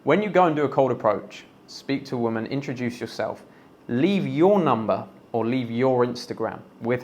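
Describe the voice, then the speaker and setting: Blunt, profane man giving dating advice. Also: mid-range voice. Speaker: dating coach. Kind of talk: direct advice monologue.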